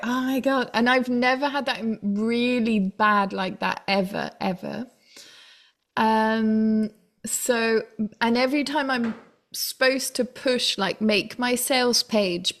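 Brief: chatty woman, expressive storyteller, higher pitch. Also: takes it slowly. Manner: animated storytelling with laughs and exclamations. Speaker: single mother in a dance class. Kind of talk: casual chat.

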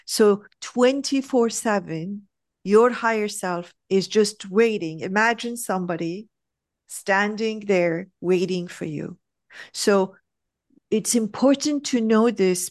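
Woman, spiritual coach, easygoing chat, slows to stress points, dry close sound. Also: medium pitch, no room sound. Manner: animated storyteller, acts out quotes. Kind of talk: casual spiritual conversation.

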